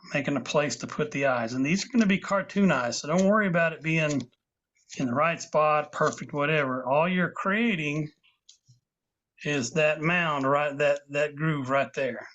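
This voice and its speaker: A man with a slightly high voice walks his students through a carving, one patient step at a time. The sound is a dull, lo-fi video call feed. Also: normal speed, a bit bright. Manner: patient, step-by-step explaining with asides. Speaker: woodcarving instructor. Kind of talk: live online class demonstration.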